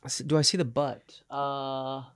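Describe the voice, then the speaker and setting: A man's voice: mid-range voice, flat delivery, measured pace, fairly bright tone, smooth, dry recording. A man co-hosting a podcast, chatting casually and teasing with dry jokes. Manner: joking, teasing. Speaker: podcast co-host.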